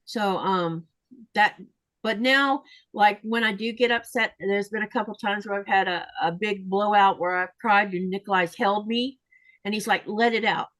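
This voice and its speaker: A woman's voice: mid-range voice, moderate pace, fairly bright tone, no echo, low-quality recording. A woman hosting a casual livestream chat, reading viewer comments aloud and sharing her own feelings.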